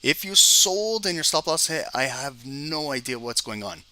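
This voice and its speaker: A trading educator with a fairly high, expressive, bright, forceful voice gives live screen-share trading commentary at normal speed, addressing viewers directly. He sounds exasperated and often repeats words as he explains, with a little hiss or hum in the audio.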